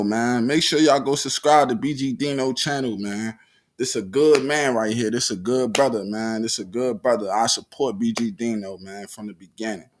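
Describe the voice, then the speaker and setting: A man hosting a live reaction stream, talking emphatically and repeating himself to his viewers. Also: mid-range voice. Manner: emphatic, repeats himself, calls listeners "gang"; heated and accusing at times.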